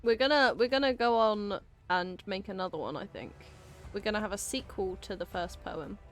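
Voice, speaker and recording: A woman's voice: mid-range voice, normal speed, a bit bright, faint music behind. A woman chatting casually to her viewers on a live game stream, giggling now and then and talking straight to chat.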